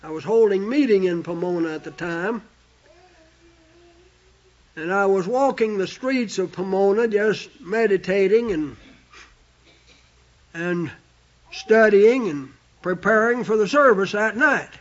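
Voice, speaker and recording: A man with a very high voice preaching at a slow, deliberate pace. He leans hard on key words when he quotes scripture, and the sound is dull and lo-fi. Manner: emphatic, drawn-out scripture quoting. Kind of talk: sermon. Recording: dull lo-fi recording.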